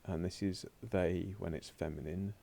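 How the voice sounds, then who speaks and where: A man's voice: low voice, steady tone, measured pace, creaky, dark tone. A man teaching a recorded remote French lesson, chatting to himself as he works through slides on a laptop. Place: home or classroom desk at a laptop.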